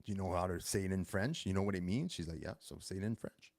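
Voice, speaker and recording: A man in his thirties hosts a casual monologue, rambling along and often stopping to fix his own words. His voice sits fairly low and has a gravelly fry to it. The sound is close and dry, with no room around it. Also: quick pace, darkish tone, no room sound. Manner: rambling, self-correcting storytelling. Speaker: host.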